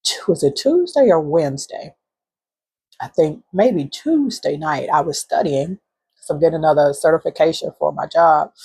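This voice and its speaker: A woman hosting a spiritual channel, telling a heartfelt story from her bedroom in a halting way with fillers and soft whispered moments. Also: sits low, gravelly, slightly rough. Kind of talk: emotional spiritual testimony vlog.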